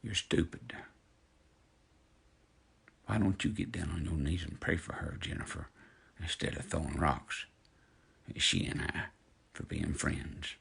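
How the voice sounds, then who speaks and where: Deep gravelly man in his fifties, ranting. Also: steady tone, moderate pace, a bit bright. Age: 50s. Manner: indignant, preachy, addresses followers directly. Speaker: social media personality. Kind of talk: angry direct-to-camera rant.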